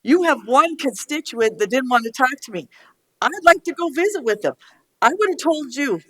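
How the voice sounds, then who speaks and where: A middle-aged woman, a county commissioner, giving a heated, blunt speech at a public meeting. She is angry and emotional, swears, and pushes back quickly. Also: sits high, sing-song, a bit bright.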